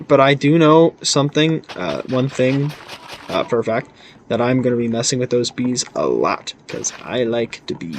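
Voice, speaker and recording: Slight hiss or hum sits under this young man's medium-pitched voice as he hosts his gaming channel. His let's-play commentary is loose and goofy, wandering from point to point and often interrupting itself.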